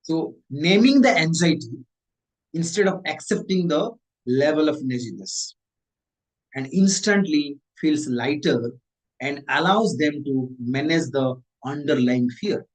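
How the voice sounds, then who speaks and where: A man, a mindset coach giving a motivational talk, repeating and rephrasing his points with animated emphasis. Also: on the high side, unhurried, low-quality recording.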